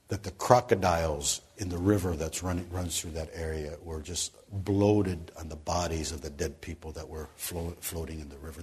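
A man preaches, telling a long story from the pulpit with a husky, somewhat low voice. He swings between loud, emphatic lines and soft, quiet ones. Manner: animated storyteller, rising loud for emphasis then dropping soft. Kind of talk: sermon storytelling.

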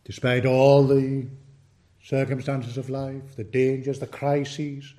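A man preaching a sermon, slow and emphatic, his voice rising in force on key words and falling away at the ends of sentences. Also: medium pitch, flat delivery, warm tone. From United Kingdom.

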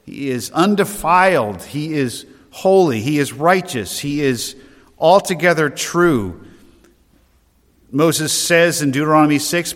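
A man's voice: on the high side, animated, slow, big-room sound. A man preaching an earnest, emphatic sermon as pastor, often restarting his phrases.

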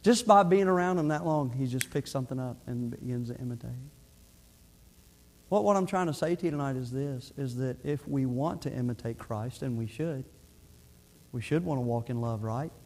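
A man's voice: medium pitch, normal speed, darkish tone, slight background noise. A middle-aged male pastor preaching a sermon in an earnest, conversational way, often restarting his phrases.

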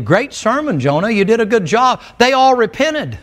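A man preaching a sermon, telling Bible stories in a folksy, animated way and acting out the characters' words. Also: extremely high pitch, moderate pace, few pauses. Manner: folksy, animated storytelling with acted quotes.

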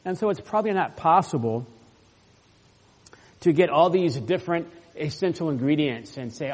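With lively intonation, a man preaching a sermon works through a passage, his stresses earnest and emphatic. The tone is darkish and the pitch a bit high for a male voice, delivered at a moderate pace and echoing as though in a church.

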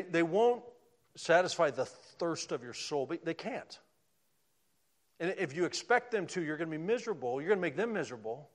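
A man preaching a sermon, swinging from loud emphatic lines down to hushed, almost whispered ones. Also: a little high.

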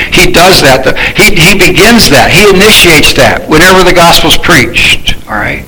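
A man's voice: fairly high pitch, bright, forceful tone, slight background noise, low-quality recording. A man preaching a sermon in a conversational teaching manner, reading Bible verses and then explaining them while asking his listeners questions.

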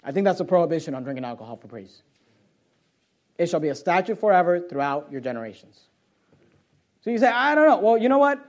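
A man's voice: sits high, very animated, quick pace, pauses often. A man preaching a sermon to a church congregation, reading scripture aloud with mounting force. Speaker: pastor. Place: church auditorium.

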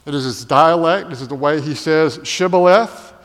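A man's voice: fairly high pitch, moderate pace. A male pastor delivering a sermon, asking rhetorical questions and building to emphatic peaks. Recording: long hall reverb.

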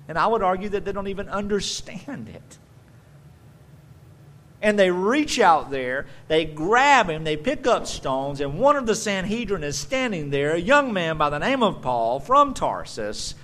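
A man preaching a sermon as pastor, swinging from loud emphatic bursts to quiet conversational asides. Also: high-pitched, very animated, a little slow.

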